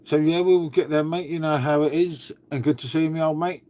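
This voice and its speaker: A man's voice: fairly high pitch, fairly even intonation, brisk, darkish tone. A man from England hosting a casual live stream from home, rambling and calling viewers "mate". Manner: rambling, repeats "mate" and "shall we say". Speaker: livestream host. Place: at home indoors.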